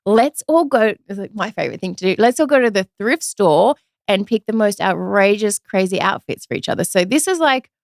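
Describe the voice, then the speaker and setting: A chatty woman in her thirties shares a personal story in a relaxed interview. Her voice has a gravelly, creaky texture. It sounds close and dry, with no room echo. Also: medium pitch, a little fast. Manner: chatty, animated retelling with quoted voices. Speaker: podcast guest, usual host.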